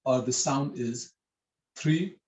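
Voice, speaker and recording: A man's voice: mid-range voice, slow, darkish tone, echoey room, poor audio. A man teaching a writing script in an online lesson, explaining patiently and repeating himself with many fillers over a video call.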